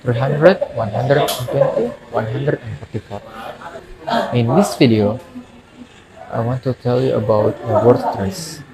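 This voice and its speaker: A young man with an Indonesian accent, a student giving a recorded class presentation and reading slowly and carefully with pauses between phrases. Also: medium pitch, fairly even intonation, crowd noise, poor audio. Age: young adult.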